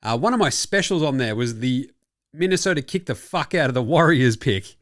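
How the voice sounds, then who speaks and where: A man's voice: mid-range voice, lively intonation, brisk. A young Australian man hosting a casual sports chat show, jokey, rambling and full of swearing. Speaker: podcast host.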